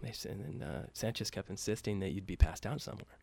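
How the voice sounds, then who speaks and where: A man's voice: on the low side, animated, fast, vocal fry, darkish tone, dry recording. A man telling a story casually, with loose profane talk and many fillers, acting out the quoted lines lightly.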